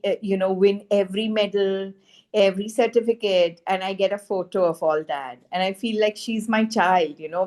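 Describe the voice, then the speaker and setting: A woman telling a personal healing testimonial in an earnest, animated way, with many "you know" fillers. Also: mid-range voice. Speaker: frequency healing practitioner.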